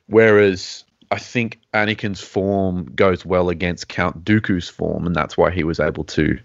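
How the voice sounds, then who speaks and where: A man's voice: deep voice, steady tone, slow, creaky, a bit bright, no room sound. A man hosting a casual podcast chat, hesitant and full of restarts as he hedges his opinions. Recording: dull, lo-fi, dry sound.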